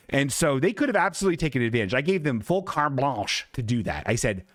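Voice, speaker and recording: A man's voice: mid-range voice, very animated, quick pace, hardly any pauses, a bit bright, no room sound, studio quality. A man hosting a comedy podcast, telling a rambling, profane, self-mocking story in a casual way. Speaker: podcast host.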